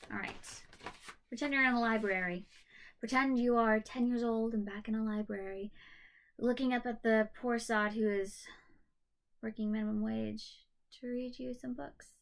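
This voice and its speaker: A woman's voice: fairly high pitch, vocal fry. Rambling, apologetic woman reading aloud. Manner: rambling, apologetic, self-deprecating. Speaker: channel host reading a novel aloud. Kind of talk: casual chat and book reading. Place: her bedroom at home. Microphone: computer camera mic.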